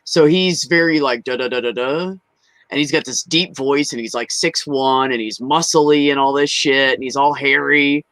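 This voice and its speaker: A man's voice: medium pitch, moderate pace, a bit bright, no echo. A young adult man hosting a live open mic stream, chatting casually, laughing, swearing and mimicking his relatives as he tells stories. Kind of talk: casual chat.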